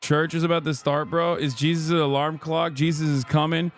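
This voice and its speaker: A man streaming casual reaction commentary in a profane, animated rant. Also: on the high side, a little fast, soft background music.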